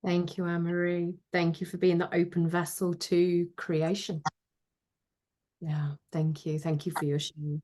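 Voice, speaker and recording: A woman facilitating a sharing circle, thanking speakers and inviting the next in a soft, gentle way. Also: fairly low pitch, little pitch movement, unhurried.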